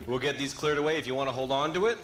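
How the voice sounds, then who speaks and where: A man's voice: mid-range voice, rapid-fire, fairly bright tone, slight background noise. Playful man hosting a live food contest. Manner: playful, teasing. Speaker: host of a food judging contest.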